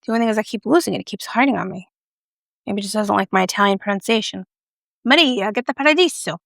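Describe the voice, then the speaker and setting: Woman, beauty vlogger, casual makeup review, playful and jokey, fry in the voice, dry close sound. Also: medium pitch, fairly even intonation, very fast, no room sound. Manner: playful, chatty, jokey asides.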